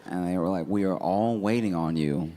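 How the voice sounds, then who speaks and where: A man doing stand-up, telling a story in a deadpan, laid-back way with laughing asides. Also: low voice, normal speed, slight background noise. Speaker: stand-up comedian.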